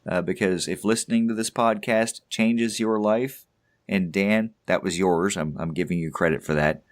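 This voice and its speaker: A man's voice: deep voice, steady tone, normal speed. A man co-hosting a casual podcast, rambling along with stammered restarts and little chuckles. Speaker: podcast co-host.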